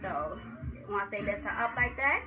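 A young woman telling the story of giving birth in a casual vlog, animated and acting out what people said. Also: a little slow, music in the background, rough recording. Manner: animated, acts out quotes with rising pitch.

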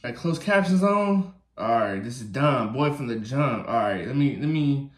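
A man's voice: mid-range voice, expressive, normal speed, noisy background. A man hosting a reaction video, chatty and hyped, talking straight to his viewers. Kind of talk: casual reaction commentary. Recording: echoey room, faint music behind.

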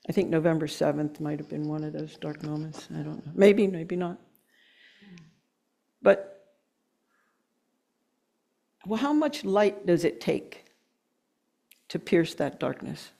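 A middle-aged woman giving an earnest, emotional sermon, slowing down to press her points and laughing at herself now and then. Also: on the low side, creaky, warm tone. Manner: earnest, emotional, with slow emphatic stretches and laughs. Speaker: guest speaker.

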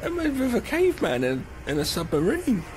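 A man's voice: sits high, wildly swooping pitch, normal speed, a little mellow. A man co-hosting a podcast, joking playfully and slipping into silly voices mid-sentence. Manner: playful, jumps between voices, jokey asides. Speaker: podcast co-host. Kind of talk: casual chat.

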